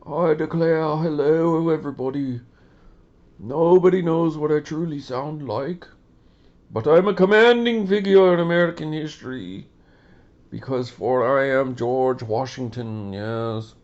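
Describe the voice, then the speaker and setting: A man's voice: fairly high pitch, unhurried, a little mellow, muffled recording, voice pushed up, lightly acted. A man putting on the voice of a pompous old male founding president who makes stately, theatrical proclamations. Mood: grandiose.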